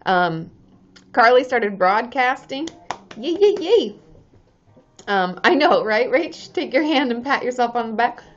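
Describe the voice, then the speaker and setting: A woman's voice: on the high side, a little slow, fairly bright tone, muffled recording. A woman hosting a casual live stream as a therapist, reading viewer comments aloud and cheering them on in a bubbly, chatty way.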